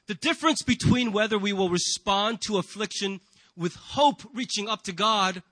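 A man's voice: high-pitched, bright, forceful tone, dry recording. A man preaching a sermon to a congregation in a church, earnest and emphatic, often asking rhetorical questions. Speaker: pastor.

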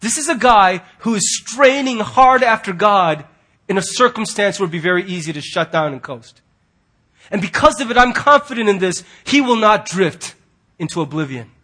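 A male pastor preaching a sermon earnestly, swinging from loud emphatic lines to hushed, quiet ones. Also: high voice, expressive, moderate pace.

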